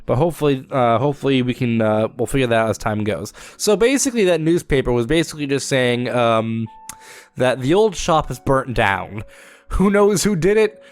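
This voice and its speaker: A man's voice: medium pitch, brisk, clear, resonant tone. A young man with a congested, sore-throated voice, chatting casually as he hosts a let's-play of a game. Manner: rambling, chatty, many filler words. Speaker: gaming channel host.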